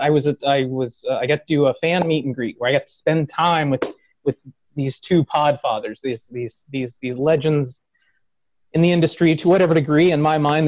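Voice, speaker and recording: A man's voice: dry recording, lo-fi sound. A man hosting a podcast, telling a fan story in casual chat, acting out quotes, laughing and swearing. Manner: animated, acts out quotes with rising pitch, swears, laughs. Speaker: podcast host.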